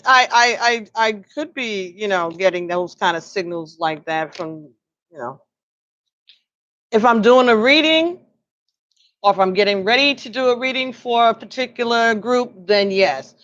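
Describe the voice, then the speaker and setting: A woman's voice: fairly high pitch, a bit bright, muffled recording. A tired woman casually reading tarot cards on a live stream, chatting with viewers by name and laughing often. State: tired, yawning.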